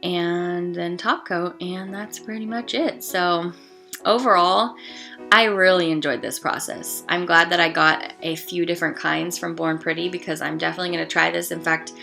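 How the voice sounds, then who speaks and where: A young woman narrating a casual nail tutorial in a chatty, rambling way, full of little asides. Her voice sits a bit low, with a bright, sharp tone and a gravelly fry at the edges. Soft guitar music plays faintly behind her. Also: fairly even intonation, normal speed. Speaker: nail art vlogger.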